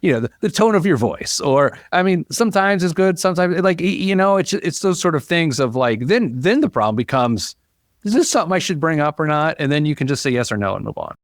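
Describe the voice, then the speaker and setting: A man, a company founder, chatting as a podcast guest in an animated, upbeat storytelling way. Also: fairly high pitch, a little fast, no room sound, clean studio sound. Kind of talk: casual interview conversation.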